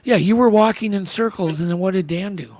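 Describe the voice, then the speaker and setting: High-voiced radio host, dry sound. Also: male voice, a little fast, darkish tone, no echo. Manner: brief affirmations, steers the guests. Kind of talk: radio talk show hosting.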